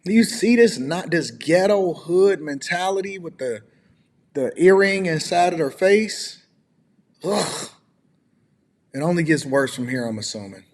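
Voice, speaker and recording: A man's voice: fairly high pitch, expressive, moderate pace. A man hosting a reaction show, commenting on clips in a mocking, incredulous way. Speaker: commentator host.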